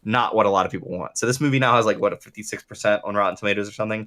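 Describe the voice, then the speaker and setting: A man's voice: lowish voice, rapid-fire, fairly bright tone. A man co-hosting a casual chat, reacting bluntly with swearing and then explaining his view at length. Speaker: podcast co-host.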